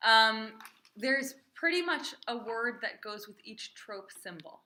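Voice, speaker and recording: A woman cantor with a bright, slightly high, expressive voice teaches Torah reading to a small, informal class, speaking slowly. She's chatty and encouraging, often adds "right?", and sings the trope phrases at an unhurried pace.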